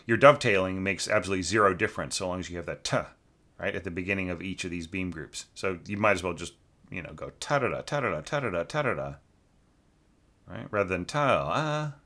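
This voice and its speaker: A man's voice: deep voice, fairly even intonation, fast talker, pushed and bright. A man giving a casual spoken critique of a student's orchestration, with lots of fillers and tag questions. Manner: informal, hums and scats musical lines to show phrasing. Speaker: orchestration teacher reviewing a student score.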